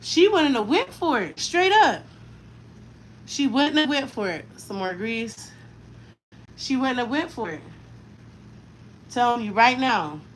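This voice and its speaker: A woman in her thirties with a fairly high voice chats casually while she styles hair. She talks frankly in slang and drifts into lively tangents. A faint noise sits under her voice. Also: takes it slowly, pauses often, rough recording. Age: 30s. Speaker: mother doing her daughter's hair on camera.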